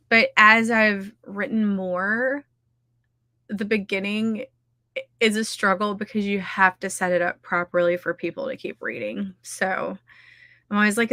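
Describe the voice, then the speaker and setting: Woman, livestream host, chatty, scattered, laughs a lot, slow relaxed pace. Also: medium pitch, no echo, studio quality. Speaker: livestream host running writing sprints. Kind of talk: casual chat to a live audience.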